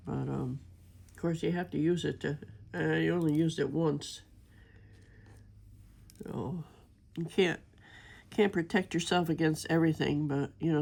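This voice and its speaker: An older woman with a gravelly voice and a sore throat from being sick, rambling in a homey, chatty way while she works on a craft. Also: sits low, a little mellow. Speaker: crafting vlogger. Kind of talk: casual chat while diamond painting.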